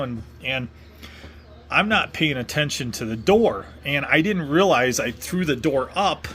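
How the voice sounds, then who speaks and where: A man's voice: mid-range voice, normal speed, fairly bright tone, a little hiss or hum. A middle-aged man from Wisconsin telling a casual story in a rambling way, full of fillers and restarts. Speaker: vlogger.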